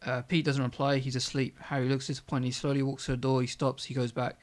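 A man reading his comedy script aloud in a low, hesitant voice with many fillers, then chatting about it. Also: little pitch movement, fast.

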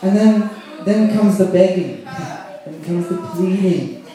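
A man's voice: high voice, slow, dark tone. A man preaching a sermon with frequent laughter, acting out pleas and voices. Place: church sanctuary. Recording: echoey church hall with crowd.

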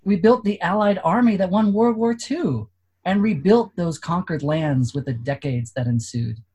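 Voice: mid-range voice, normal speed, a little mellow, husky. A reader giving an earnest, declamatory dramatic reading during a worship service.

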